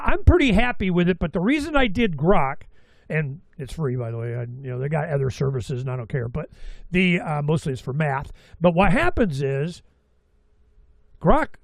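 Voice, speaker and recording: Casting: middle-aged male talk host, high voice, dry close mic, animated rambling storyteller. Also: dry recording. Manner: animated storytelling with quoted asides and mild cursing. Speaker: radio show host.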